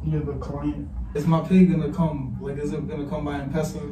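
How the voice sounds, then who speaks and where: A man's voice: a little high, level tone, a little fast, noisy background. A young man talking casual banter as a guest, laid-back and slangy, joking around. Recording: echoey room with loud music.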